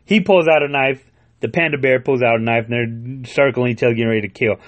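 A man's voice: mid-range voice, fast talker, no echo. A man casually retelling and reviewing a comic book, loose and profane, laughing as he goes.

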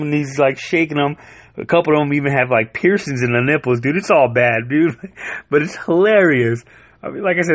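A man's voice: on the high side, a bit bright, no echo. A man casually retelling and reviewing a comic book, loose and profane, laughing as he goes.

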